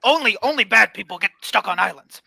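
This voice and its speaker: A man's voice: sits high, expressive, fairly quick, gravelly, sharp tone, heavily acted, low-quality recording. A man playing a scheming, disgraced former president in a comedy sketch, rambling and stammering.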